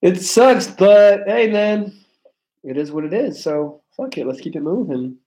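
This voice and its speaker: A man's voice: sits high, animated, unhurried, dark tone, poor audio. A young man with a non-native English accent, reading chat on a casual livestream, blunt, profane and joking. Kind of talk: casual live-stream chat.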